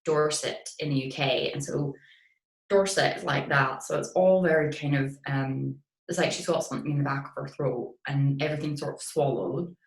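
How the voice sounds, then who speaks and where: A woman's voice: extremely low pitch, a little fast, few pauses, distant mic. A young woman with a light Scottish accent, an actress guest chatting casually and animatedly in an interview. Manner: chatty, animated, full of fillers. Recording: roomy echo.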